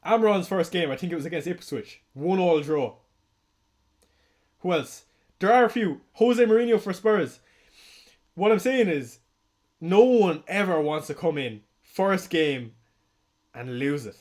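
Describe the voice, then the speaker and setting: A young Irish man chats on a live stream in a fairly high voice. He talks casually and excitably, swears freely and laughs often. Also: a little slow, pauses often. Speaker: fantasy football streamer. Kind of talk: casual livestream commentary.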